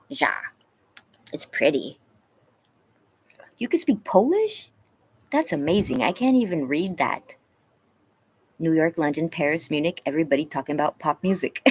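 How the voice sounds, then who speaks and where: A woman's voice: lowish voice, very animated, unhurried, long pauses, a little mellow, breathy edge, rough recording. A woman hosting a casual live stream, chatting with viewers and reading the chat aloud, laughing often. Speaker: livestream host. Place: home, yard.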